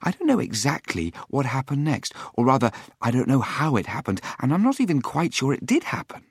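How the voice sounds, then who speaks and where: A man reading a story aloud as a first-person narrator, with expressive, lilting delivery. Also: mid-range voice, fairly quick, breathy edge, dry recording, studio quality.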